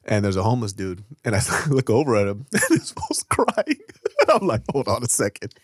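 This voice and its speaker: A man's voice: fairly low pitch, huge pitch swings, moderate pace, no echo. A man co-hosting a food podcast in casual chat, telling crude, playful anecdotes and laughing through them. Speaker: podcast co-host.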